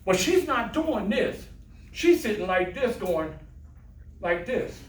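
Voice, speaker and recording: Speaking slowly but with great animation, this older motivational speaker uses a high voice that reverberates through the adult classroom, heard from afar. He spins stories, plays the voices of people he quotes, and trades jokes with the students.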